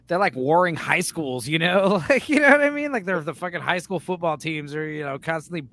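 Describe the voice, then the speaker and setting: High-voiced man in rambling podcast chat. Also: fairly quick. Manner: rambling, animated, swears freely, acts out scenes. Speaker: podcast co-host.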